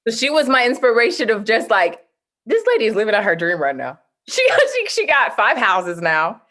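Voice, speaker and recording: A woman's voice: on the high side, very animated, normal speed, a bit bright. A woman guest, a poet and author, talking expressively in an interview, laughing often and reading her poetry.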